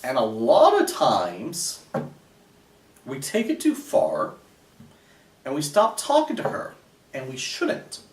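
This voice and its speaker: A man's voice: mid-range voice, huge pitch swings, takes it slowly, long pauses. A man giving casual dating advice in a sarcastic, rambling way, with many fillers. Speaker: dating coach. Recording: echoey room, voice a bit far from the mic.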